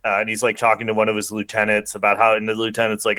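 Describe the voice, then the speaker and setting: A man's voice: on the low side, monotone, fast talker, bright, forceful tone, no echo. A man co-hosting a podcast, casually retelling a movie plot with lots of fillers and small laughs. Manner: rambling, many fillers, laughs while retelling. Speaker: podcast co-host. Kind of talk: casual movie recap chat.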